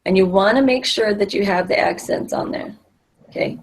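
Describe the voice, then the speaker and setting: A woman's voice: medium pitch, normal speed, slightly rough. A middle-aged woman teaching a Spanish class, explaining patiently with many fillers and restarts.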